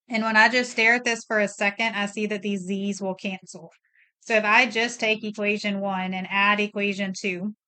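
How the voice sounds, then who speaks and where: A woman's voice: mid-range voice, pushed and bright, clean tone. A middle-aged woman teaching a recorded math lesson, explaining each step plainly and thinking aloud as she works.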